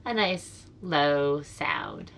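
A woman's voice: low voice, huge pitch swings, extremely slow, creaky, a bit bright. A woman talking as a birth educator on a casual podcast chat, playful and demonstrative. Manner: playful, demonstrates sounds and laughs.

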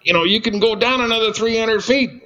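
A carefree, laughing outdoorsman buddy, as a man puts him on, pitched far above the teller's own voice. He talks in a breezy, upbeat way and waves off any danger as no problem. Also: brisk, bright, forceful tone, lo-fi sound. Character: carefree laughing adult male arborist buddy.

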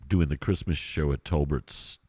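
A man guest on a podcast, a tribute band bassist, talking in a relaxed, modest way. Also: normal speed, breathy edge, no room sound. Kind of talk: casual interview chat.

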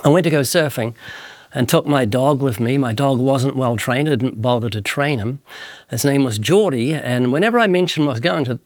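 An older man from New Zealand with a New Zealand accent, telling his personal testimony in a slow, reflective, measured way. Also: a little high, dry recording, studio quality. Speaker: evangelist. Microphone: studio mic.

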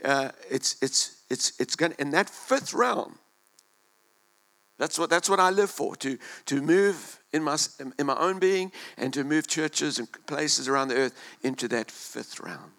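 A male pastor preaches an impassioned sermon in a church, swinging between loud and hushed delivery and repeating words as he goes. His voice is fairly high and a little slow.

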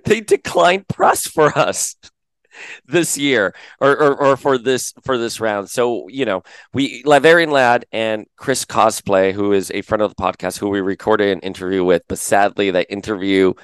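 A man hosting a fan podcast, chatting casually to viewers in an animated way and often restarting his words. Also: fairly low pitch, normal speed, clean tone, no echo. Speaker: podcast host. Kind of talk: casual chat to camera.

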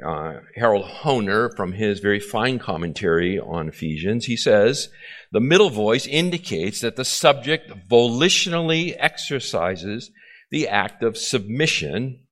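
A man's voice: on the low side, fairly bright tone. A male pastor preaching an expository sermon, often repeating key phrases and checking in with the congregation.

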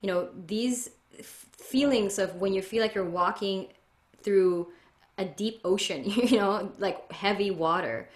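A woman's voice: medium pitch, unhurried, reverberant. A woman speaking earnestly as a podcast guest, reflective and spiritual in a flowing way. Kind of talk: reflective interview talk.

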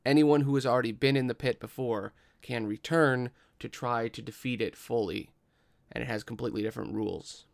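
A man running a tabletop game as game master, with slow, dramatic narration and casual asides. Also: medium pitch, creaky, no room sound.

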